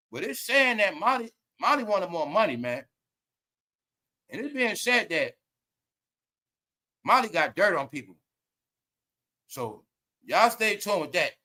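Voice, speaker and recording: Slangy, profane, and often laughing, this man hosts a casual commentary stream and tells stories along the way. His voice sits high with a sharp tone.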